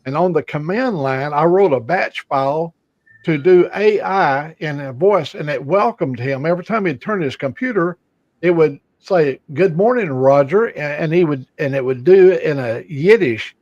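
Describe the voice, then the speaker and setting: A man's voice: on the high side, moderate pace, a little mellow, dry recording. An older man chatting casually as co-host, telling stories with many fillers and restarts. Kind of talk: casual chat. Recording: dull lo-fi sound.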